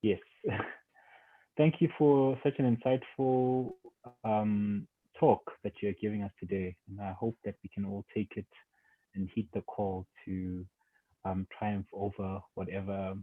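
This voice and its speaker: A man's voice: fairly low pitch, flat delivery, a little slow, no echo. Polite man on a tinny call line. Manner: polite, hesitant with fillers. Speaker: facilitator. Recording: dry, tinny phone-like call audio.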